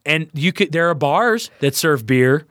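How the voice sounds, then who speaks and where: A young man from Louisiana, a podcast guest telling a story in a casual, profane, animated way and acting out the people he quotes. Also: on the high side, unhurried, dry recording, studio quality. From Louisiana, USA.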